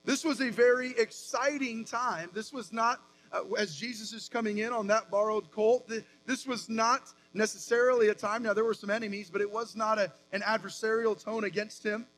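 A man in his thirties preaching a sermon as pastor, with animated emphatic rises and quick asides. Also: sits high, a little hiss or hum, rough recording.

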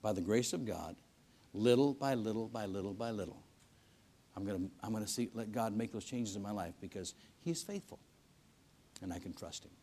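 A man preaching a sermon in a church service, telling stories in a folksy way, swinging between loud emphasis and hushed lines. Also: fairly low pitch, brisk, slight background noise. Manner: folksy storytelling with repetitions and restarts.

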